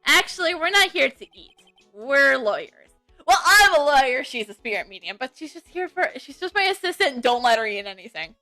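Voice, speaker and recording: A flustered young defense lawyer, as a woman reads him in a bright, high voice. He talks in quick protests, with faint game music underneath. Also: big pitch swings, heavily acted.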